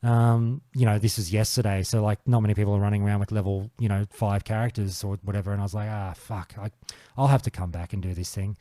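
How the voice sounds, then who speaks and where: A man's voice: lowish voice, steady tone, fast, dark tone, no echo, studio quality. A man hosting a casual gaming podcast panel, swearing freely and telling stories with animation. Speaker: podcast host.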